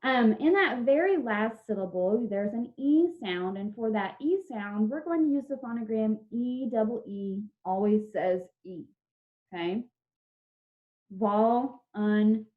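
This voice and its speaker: A woman teacher giving an online spelling lesson over a video call, dictating words slowly and drawn out, patient and encouraging with her class. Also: fairly high pitch, animated. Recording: dull lo-fi video call audio.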